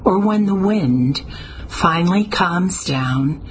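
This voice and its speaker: A woman's voice: lowish voice, lively intonation, slow, a little hiss or hum, pitched above the performer's own voice, poor audio. Woman voicing a scoffing, moody man. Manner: sharp, scoffing. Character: blunt moody middle-aged man, cynical. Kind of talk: audiobook character voice.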